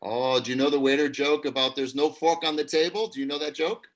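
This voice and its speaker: Man, acting teacher, show host, upbeat, quick, laughs a lot, video call. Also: fairly high pitch. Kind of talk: live improv show hosting.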